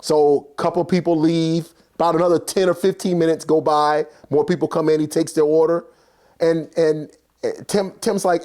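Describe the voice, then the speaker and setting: Telling a personal story at a moderate pace, a man with a strikingly high-pitched voice sounds relaxed and conversational. He stays animated throughout, acting out the voices of the people in it and filling pauses with plenty of casual fillers.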